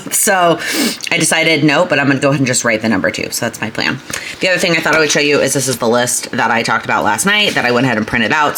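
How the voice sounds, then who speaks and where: A woman's voice: very deep voice, fairly bright tone. A young woman, vlogging from home in a rambling, chatty way that keeps interrupting itself. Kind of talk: casual chat. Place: home, indoors. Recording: echoey room with faint noise.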